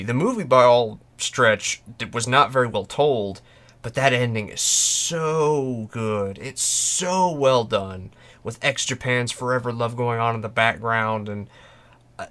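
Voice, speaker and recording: A man's voice: mid-range voice, fairly bright tone. A man hosting a casual fan podcast, talking passionately and emphatically, often restarting and acting out quoted lines. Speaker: podcast host. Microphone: podcast microphone.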